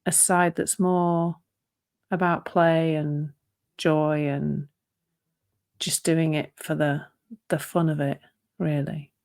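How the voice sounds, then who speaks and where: A woman with a lowish voice talks through her thoughts in a relaxed podcast chat. She wanders, backtracks and laughs often, sounding open and reflective. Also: slow, long pauses. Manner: thoughtful, rambling, laughs easily. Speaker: podcast co-host. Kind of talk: casual reflective conversation.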